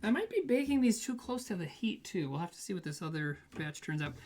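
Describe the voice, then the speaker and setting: A man's voice: high voice, big pitch swings, brisk, darkish tone. A man hosting a livestream from his home kitchen, baking cookies and chatting casually with viewers in a rambling, joking way. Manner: rambling, jokey, reads chat aloud and laughs.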